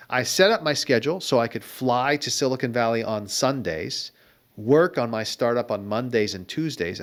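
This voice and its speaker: A middle-aged man being interviewed as an entrepreneur, telling wry, reflective stories about his career in a conversational way. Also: medium pitch. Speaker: guest entrepreneur. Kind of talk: conversational storytelling.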